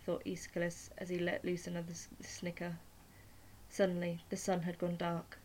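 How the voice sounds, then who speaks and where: A woman reading a short story aloud as narrator, at a steady, unhurried pace. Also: lowish voice, slight background noise, low-quality recording.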